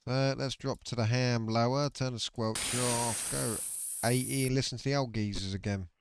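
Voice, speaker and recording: A man's voice: mid-range voice, fairly even intonation, normal speed, clear, resonant tone. A man, streaming casually about scanning radio bands, chatty and sweary. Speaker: radio hobbyist livestreamer. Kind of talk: casual livestream commentary.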